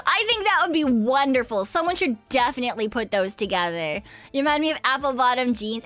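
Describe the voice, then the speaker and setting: Young woman streaming, chatty and giggly, bit of vocal fry, kinda high voice, faint music behind. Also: animated, moderate pace, a bit bright. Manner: chatty, giggly, swears casually, sings snippets. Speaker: VTuber streamer. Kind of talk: casual chat with stream viewers.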